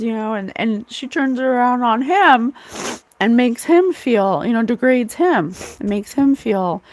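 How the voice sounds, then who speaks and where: A woman's voice: on the high side, animated, unhurried, darkish tone. A woman giving a casual, rambling psychic tarot reading, full of fillers and asides. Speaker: psychic reader.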